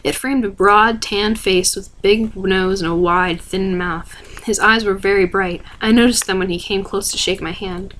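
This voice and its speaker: A woman reading a novel aloud in a soft, steady ASMR voice. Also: medium pitch, normal speed. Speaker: reader.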